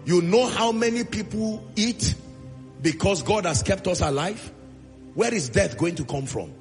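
Gravelly Nigerian pastor preaching emphatically. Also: male voice, high voice, expressive, unhurried, in a large hall, faint music behind. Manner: emphatic preaching with repeated refrains. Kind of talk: sermon.

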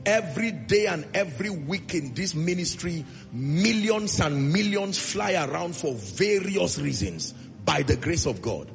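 Nigerian man, pastor, emphatic sermon, high lively voice, gravelly edge, echoing hall with music. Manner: emphatic preaching with repeated refrains.

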